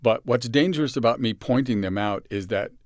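A man from San Francisco, a guest in an interview, telling personal stories in a halting, reflective way and dropping softly when he quotes others. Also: medium pitch, no room sound, clean studio sound. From San Francisco, USA. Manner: halting with restarts, soft dramatic dips when quoting others.

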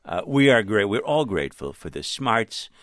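A man co-hosting a public radio news show in a studio, speaking with some halting restarts. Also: on the low side, big pitch swings, fairly bright tone, dry recording.

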